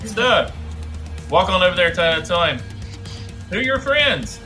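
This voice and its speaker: A man playing in a tabletop role-playing game, talking in an animated way. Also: high voice, unhurried. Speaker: player. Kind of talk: casual in-character play. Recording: music playing clearly behind.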